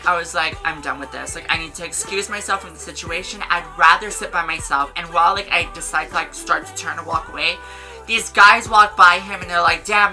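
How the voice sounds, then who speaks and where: Young woman dishing a story, lowish voice, really bright and sharp, faint music behind. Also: low-quality recording. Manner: animated, says "like" a lot, swears. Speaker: vlogger. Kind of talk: casual storytime.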